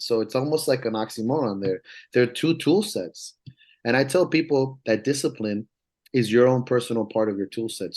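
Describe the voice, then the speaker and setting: An emphatic, swearing strength coach. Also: male voice, medium pitch, darkish tone. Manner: emphatic, profane, rambling and earnest. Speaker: strength coach and podcast guest. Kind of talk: casual podcast conversation.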